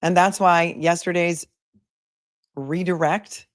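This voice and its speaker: A woman's voice: fairly low pitch, steady tone, slow, dry recording, studio quality. A woman attorney hosting a live commentary stream, chatting casually and sarcastically while reading viewer comments aloud.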